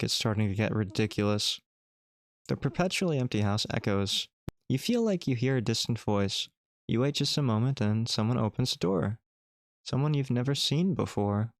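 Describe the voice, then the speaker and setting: A man's voice: on the low side, dry recording, clean studio sound. A man streamer reading a text adventure game aloud, with playful joking asides.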